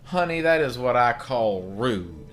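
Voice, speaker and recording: A sassy, motherly barkeeper woman with a halfhearted Southern drawl, calling everyone honey, as a man reads her lines. The voice stays close to his own normal pitch and sounds bright and forward. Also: sing-song, a little slow, soft background music. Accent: attempted Southern US. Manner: drawling, calls listener honey.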